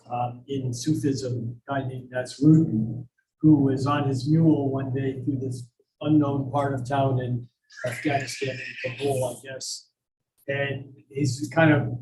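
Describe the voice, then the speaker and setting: Over poor-quality audio, a medium-pitched man with a darkish tone rambles through stories and casual talk as host of a live astrology night at a coffeehouse. He pokes fun at himself and leans on plenty of fillers.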